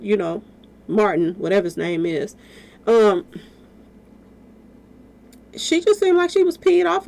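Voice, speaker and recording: A woman giving casual spoken commentary to her viewers, talking straight at them with lots of rhetorical questions. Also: mid-range voice. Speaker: commentary vlogger.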